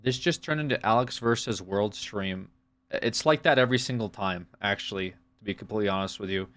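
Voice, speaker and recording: A man's voice: fairly low pitch, fairly quick, a bit bright. A man from the United States, streaming live and reacting to chat with sarcastic, profane, rambling rants.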